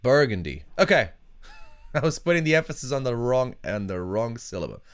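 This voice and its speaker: A man's voice: mid-range voice, lively intonation, moderate pace, a bit bright, clean tone. A man hosting his podcast in casual chat, rambling and searching for words as he answers listener questions. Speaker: podcast host.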